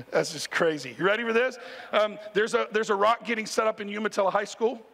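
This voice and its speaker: Male pastor, conversational sermon, high-pitched, church reverb. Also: a little fast, vocal fry. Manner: animated, conversational, talks straight to the congregation. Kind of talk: sermon storytelling. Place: church sanctuary.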